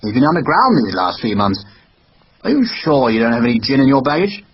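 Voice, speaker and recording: A man's voice: medium pitch, very animated, brisk, breathy edge. A man voicing a bad-tempered, overworked middle-aged merchant consul who grumbles and curses in a hard, clipped way. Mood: irritable. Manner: grumbling and cursing. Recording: dull lo-fi recording.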